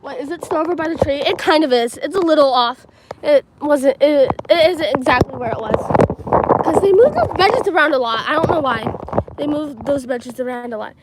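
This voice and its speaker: A woman's voice: high-pitched, animated, moderate pace, background noise. A teenage girl telling a long rambling story on a phone livestream while walking around a school playground, full of "like" and "um". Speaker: livestreaming vlogger. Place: outdoors at a school field and playground. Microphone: handheld phone.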